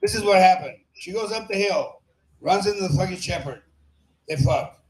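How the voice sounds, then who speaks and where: A man's voice: sits high, normal speed, slight background noise. A man doing a crude, rambling open-mic stand-up set in a small bar, laughing at his own jokes on a handheld mic. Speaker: stand-up comic. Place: small comedy bar stage. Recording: echoey bar room.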